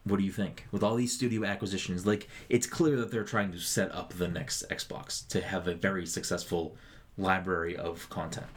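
A man's voice: low voice, fairly even intonation, moderate pace. A man co-hosting a casual gaming podcast, joking and swearing as he rambles through his thoughts. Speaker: podcast co-host.

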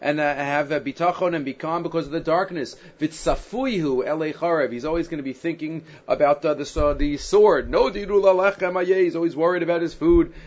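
A man's voice: on the high side, steady tone, brisk, hardly any pauses, darkish tone. A man teaching a Bible text to a class, reading Hebrew verses and then explaining them in a conversational way full of "right?". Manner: conversational, with fillers and frequent rhetorical "right?". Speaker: Torah teacher. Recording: dull, lo-fi sound.

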